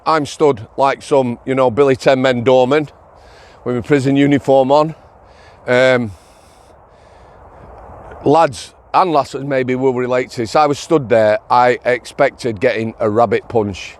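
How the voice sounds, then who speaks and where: A middle-aged man, a former prison officer hosting a podcast and telling a story in a rambling, anecdotal way with fillers. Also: mid-range voice. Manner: rambling anecdotal delivery with frequent fillers and chuckles. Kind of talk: casual storytelling monologue.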